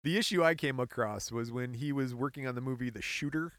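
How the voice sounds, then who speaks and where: A man's voice: mid-range voice, a little fast, dry recording, studio quality. A young adult man co-hosting a podcast, casually telling stories and joking with his co-host. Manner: lively, playful storyteller. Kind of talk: casual chat.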